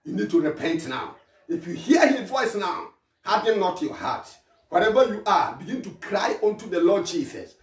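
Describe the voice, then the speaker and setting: A man preaching an impassioned sermon, repeating his phrases and shouting calls to repent. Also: sits high, big pitch swings, normal speed. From Ghana. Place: church hall. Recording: echoey hall from far off.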